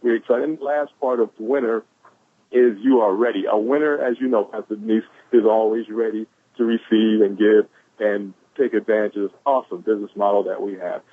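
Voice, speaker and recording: A man giving an energetic motivational talk on a conference call, repeating "ladies and gentlemen" and whooping. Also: fairly low pitch, fairly quick. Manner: exuberant, shouts "woo", repeats "ladies and gentlemen". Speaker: caller sharing quotes. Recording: phone-line conference call.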